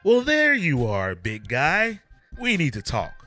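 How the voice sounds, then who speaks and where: A man's voice: on the high side, wildly swooping pitch, slow pace, pushed and bright, soft background music, pitched above the performer's own voice, full character voice. A man doing a cocky quippy billionaire. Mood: teasing. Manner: teasing, playful.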